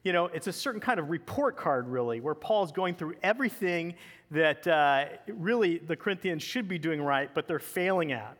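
A man's voice: on the high side, animated, normal speed, fairly bright tone, in a large hall. Man preaching a conversational sermon. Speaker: pastor.

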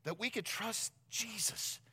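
A man preaching a sermon, telling stories in an animated, conversational way with casual asides. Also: high-pitched, unhurried, slightly rough. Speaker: pastor.

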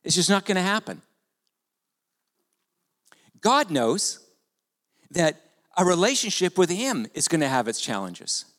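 Animated male pastor in a reverberant hall. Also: high voice, a little slow, long pauses. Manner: animated, conversational preaching with rhetorical questions. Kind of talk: sermon.

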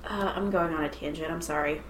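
A woman co-hosting a podcast in casual chat, animated and giggly, breaking into rants. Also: low voice, fast talker, echoey room. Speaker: podcast co-host.

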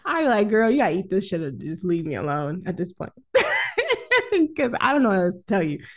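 A woman's voice: mid-range voice, normal speed. A woman in casual chat retelling an old film scene by scene, often laughing and acting out the characters' lines. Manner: animated, laughs often, acts out lines with voices. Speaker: podcast co-host.

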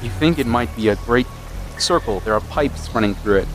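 A man running a tabletop role-playing game as game master, narrating in a halting way with repeated words. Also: medium pitch, lively intonation, music in the background.

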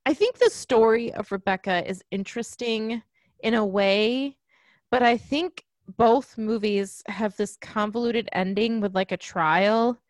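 A woman's voice: on the high side, unhurried, no room sound. A woman co-hosting a podcast in casual chat, joking and wry as she talks. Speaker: podcast co-host.

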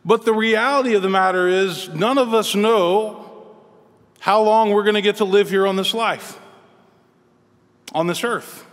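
A man preaching a sermon as pastor, earnest and measured, with pauses between phrases. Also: high-pitched, a bit bright. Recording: long reverb in a large hall.

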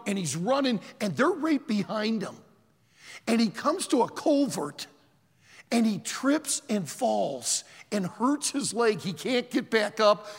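A man in his sixties preaching a sermon, telling a story in a dramatic, animated way. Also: very high voice, slightly rough, big-room sound.

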